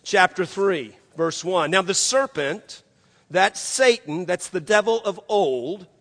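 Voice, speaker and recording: A man's voice: high voice, animated, slow, a bit bright, in a large hall. An older man preaching a sermon as pastor, emphatic and conversational, telling stories to make his point. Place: church sanctuary.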